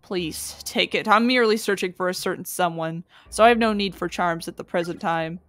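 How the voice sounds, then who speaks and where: Woman reading as a calm formal young man. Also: fairly low pitch, brisk, no room sound, close to an everyday voice.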